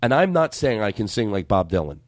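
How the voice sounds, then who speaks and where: Rambling, animated male comedy host. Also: lowish voice, brisk, dry recording, studio quality. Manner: rambling, self-deprecating, trips over words. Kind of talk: casual comedic chat.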